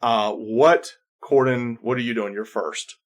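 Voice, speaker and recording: A man's voice: mid-range voice, a little slow. A man working as game master, narrating a tabletop game in descriptive second-person with many restarts.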